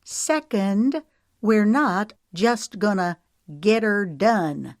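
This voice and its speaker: Lady voicing an older wife, spirited, emphatic, low slow voice. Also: dry recording, studio quality. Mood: indignant. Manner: emphatic, quivering.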